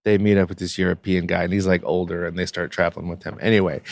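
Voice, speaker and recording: A man's voice: low-pitched, fast talker, creaky, no room sound. A man co-hosting a podcast, bantering playfully and teasing with goofy riffs. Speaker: podcast co-host. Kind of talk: casual banter.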